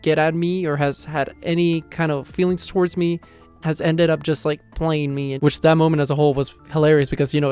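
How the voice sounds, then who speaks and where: A man talks quickly in a slightly higher voice, recapping a manga chapter in a loose, rambling way and leaning on "you know" again and again. Faint music plays underneath. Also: a little mellow, clean tone. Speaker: manga reviewer.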